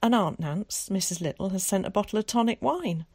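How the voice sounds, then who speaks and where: A woman's voice: mid-range voice, darkish tone, husky, dry recording. A woman voicing an earnest young boy, an evacuee pleading with his mother in a storybook reading. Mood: eager. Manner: earnest, pleading, quick to explain. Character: cheeky eager young London boy, evacuee.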